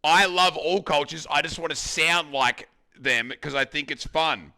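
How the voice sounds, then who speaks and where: Australian streamer guy cooking in his kitchen, super bright tense voice, swears a lot talking to chat. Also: fairly high pitch, a little slow. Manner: loose, swearing banter with chat. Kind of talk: casual live-stream chat while cooking. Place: home kitchen.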